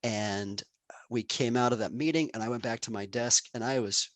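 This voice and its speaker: A man's voice: mid-range voice, moderate pace, no echo. A man in his thirties, a game producer guest, telling work stories in a casual interview and acting out quoted dialogue. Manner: animated, acts out quoted dialogue.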